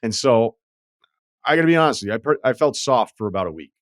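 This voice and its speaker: A man's voice: mid-range voice, lively intonation, fast, dry recording, studio quality. A man hosting a podcast, telling stories in a wry, profane, casual way. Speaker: podcast host. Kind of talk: casual chat.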